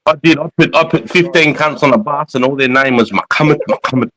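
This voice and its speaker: A man's voice: fairly high pitch, fast, crowd noise. A man hosting a casual chat, bantering crudely with a lot of swearing. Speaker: host, army veteran.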